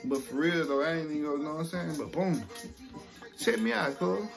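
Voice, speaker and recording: A young man telling a casual story to camera, animated and profane, acting out what people said. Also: on the high side, fairly quick, creaky, over music. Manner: animated, profane, acts out quotes.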